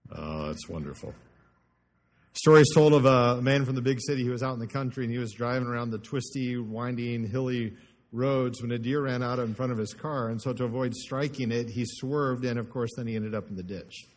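A man preaching to his congregation, weaving stories with shifting pace and emphasis. His voice sits at an ordinary male pitch. Long reverb hangs after his words in the church. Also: steady tone, a little fast. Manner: storytelling, varied pace and emphasis. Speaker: pastor. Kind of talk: sermon. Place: church sanctuary before a congregation.

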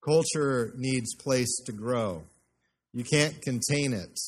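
A man's voice: medium pitch, slow pace, husky. An American man, a pastor, preaching a sermon in a church, speaking conversationally and putting questions to the congregation. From United States.

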